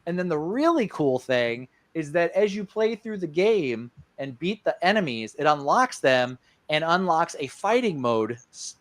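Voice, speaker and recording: In a dry recording, a man with a fairly high, fairly bright voice co-hosts a casual podcast about games. He rambles, with plenty of ums and uhs.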